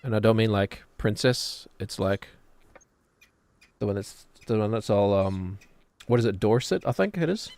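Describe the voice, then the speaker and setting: A man's voice: on the low side, normal speed, vocal fry, darkish tone, no echo. A man, streaming a game and chattering casually, rambling and joking as he plays. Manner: rambling, jokey, drifts into put-on British voices.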